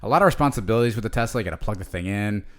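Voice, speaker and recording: A man's voice: fairly low pitch, animated, racing. A man in his forties co-hosting a casual podcast chat, rambling with lots of fillers and restarts. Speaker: podcast co-host.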